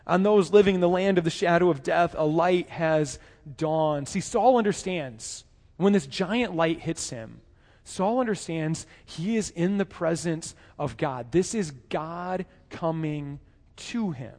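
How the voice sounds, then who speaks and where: A man preaches a sermon in a high voice, talking to his listeners in a conversational way. He often restarts his phrases and keeps asking them rhetorical questions. His voice carries a long reverb, as in a large hall. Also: unhurried, a little mellow. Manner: conversational, repeats words and asks rhetorical questions.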